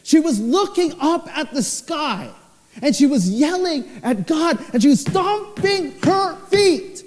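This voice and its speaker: A young man, a pastor, preaching a sermon with expressive storytelling, his voice swinging low and high. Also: slow pace. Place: church hall. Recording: church hall with long reverb.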